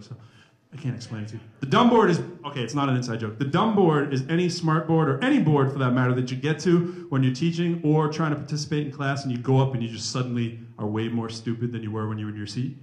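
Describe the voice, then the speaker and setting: A man giving a lively, joking talk to a college audience, speaking into a handheld mic. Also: mid-range voice. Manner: joking, animated, chatty. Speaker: rapper and math professor giving a talk. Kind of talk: lively campus talk with humor. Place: college hall, echoey. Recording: echoey room.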